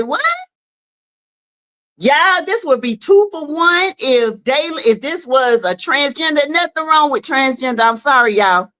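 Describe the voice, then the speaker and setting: A Southern woman chats on her livestream about a web skit series, drawing her words out slowly. Her voice sits a little high and bright, and she addresses her viewers directly in loose, animated commentary. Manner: animated, laughing, talks straight to viewers. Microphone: streaming setup.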